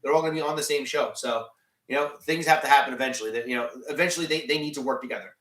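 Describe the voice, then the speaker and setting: A man's voice: medium pitch, rapid-fire, fairly bright tone, reverberant. A man hosting a live stream, chatting casually and rambling as he answers chat, often restarting his sentences. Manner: rambling, many restarts and fillers, reads chat questions aloud.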